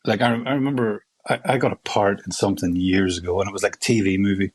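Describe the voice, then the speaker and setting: A man with a Belfast accent, an actor guest in a casual interview, telling animated stories at a quick clip with many restarts. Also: fairly low pitch, slightly rough, no echo. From Belfast, Northern Ireland.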